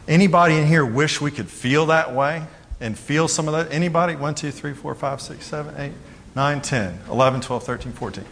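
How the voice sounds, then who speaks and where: This man preaches in a mid-range, fairly bright voice. As pastor, he keeps the sermon relaxed and conversational, tossing in jokes and briefly acting out what others said.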